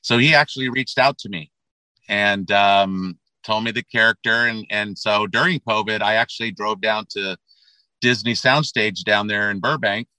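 A man's voice: on the low side, steady tone, normal speed, pushed and bright, no room sound, poor audio. A middle-aged man, a metal band frontman, chatting casually as an interview guest, rambling with many fillers and repeated words.

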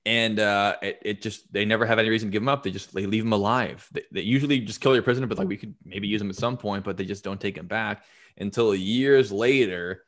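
Low-voiced man telling history casually. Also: fast. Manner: profane, animated retelling with acted-out quotes. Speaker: podcast host telling history. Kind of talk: casual storytelling chat.

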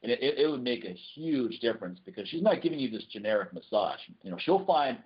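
Male podcast co-host, husky tone, casual and earnest, muffled lo-fi audio. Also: medium pitch, quick pace. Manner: relaxed, earnest recommending, frequent restarts. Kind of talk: casual chat.

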